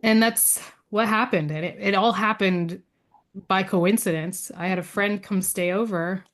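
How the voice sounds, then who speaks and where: A woman's voice: medium pitch, measured pace. Woman guest on a podcast telling her story, acts out what everyone said, lots of um and restarts. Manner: lively storyteller who acts out quoted dialogue; frequent fillers and restarts, laughs between lines. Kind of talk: casual interview storytelling.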